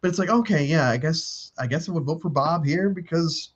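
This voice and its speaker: A man hosting a live stream in casual chat on a video call. He talks in an animated way and acts out quoted lines in different voices. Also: fairly high pitch, brisk, husky, highs cut off. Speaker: stream host.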